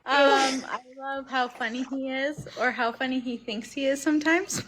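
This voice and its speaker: A woman talks in casual chat with a slightly high voice and faint background hiss. She is warm and giggly and hesitates with fillers. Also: fairly even intonation, moderate pace, poor audio. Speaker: guest.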